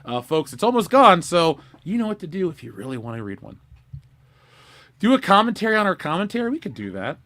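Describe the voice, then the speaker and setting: A man co-hosting a podcast in casual chat, excitable and quick to laugh as he plugs his projects. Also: high-pitched. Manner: excitable, laughs a lot, plugs merch and Patreon. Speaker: podcast co-host.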